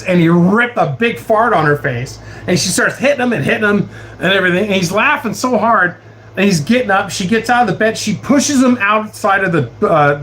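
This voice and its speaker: High-voiced, profane man telling stories. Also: slight background noise. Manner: profane, laughing, animated storyteller. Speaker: streamer reading chat stories. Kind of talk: casual livestream storytelling.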